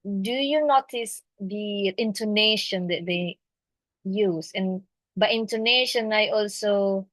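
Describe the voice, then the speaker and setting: A woman English teacher with an Indonesian accent, teaching a class hesitantly with many fillers and pauses. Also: mid-range voice, no room sound, low-quality recording.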